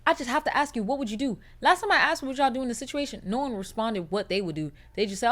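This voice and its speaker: A woman hosting a podcast, chatting bluntly and with swearing, going from a hushed reading voice to loud outbursts. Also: a little high, animated, quick pace, few pauses, no room sound. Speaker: podcast host. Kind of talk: casual storytelling chat. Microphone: close podcast mic.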